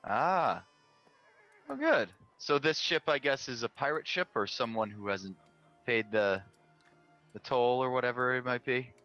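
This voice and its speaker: A man's voice: medium pitch, a little slow, highs cut off, soft background music. A man playing a tabletop game, asking curious questions in character. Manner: curious, asks many questions, lively. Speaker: player.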